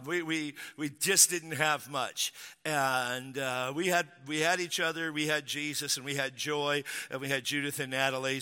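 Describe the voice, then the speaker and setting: A man's voice: fairly high pitch, sharp tone. A man pastor preaching a sermon, telling a humorous personal story before building into emphatic preaching. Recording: long hall reverb.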